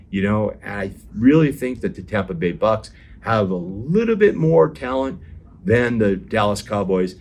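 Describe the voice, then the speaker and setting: A man hosting a sports show, giving excitable football game predictions and talking straight to his viewers, often repeating himself. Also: fairly low pitch. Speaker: NFL show host and analyst.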